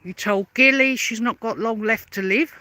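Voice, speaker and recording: A woman's voice: fairly high pitch, moderate pace, pushed and bright. A woman delivering a confrontational, sarcastic rebuttal rant as a vlogger, firing repeated pointed questions. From London. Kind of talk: angry rebuttal rant to camera.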